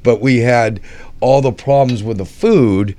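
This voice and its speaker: A man's voice: mid-range voice, a little slow, a little hiss or hum. A man telling wry backstage stories from the events he organized in a casual chat. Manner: animated, wry storyteller. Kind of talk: anecdotal storytelling.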